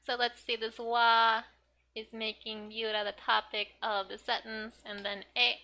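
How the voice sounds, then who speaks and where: A woman's voice: a little slow, slight background noise. A woman teaching Japanese from a manga in a casual, chatty way, giggling often and filling her talk with "like" and "um". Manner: reads manga lines in high excited character voices. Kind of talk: casual manga reading lesson.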